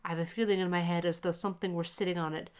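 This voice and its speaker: A woman's voice: on the low side, steady tone, quick pace, a little mellow, clear, resonant tone, lightly acted. Woman doing a cold broke dad, hollow shaky voice, mutters to himself. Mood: muttering. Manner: hollow and shaking. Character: poor, cold, trembling father, ashamed and weary.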